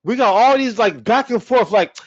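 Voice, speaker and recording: A man's voice: very high voice, animated, moderate pace, dry recording, dull audio. A man co-hosting a sports podcast, ranting heatedly with heavy swearing in casual talk. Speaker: podcast co-host.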